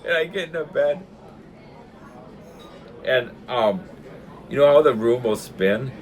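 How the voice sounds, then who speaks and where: An older man telling a funny story in a casual way, laughing hard often and acting out the shouted lines himself. He talks in a pub. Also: mid-range voice, animated, takes it slowly.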